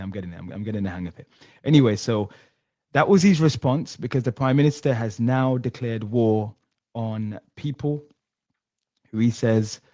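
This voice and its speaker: A man's voice: lowish voice, mellow, no room sound. A man hosting a live-stream talk show, chatty, talking straight to his chat. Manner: chatty, addresses the chat directly. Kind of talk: casual live-stream commentary. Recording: dull lo-fi, dry.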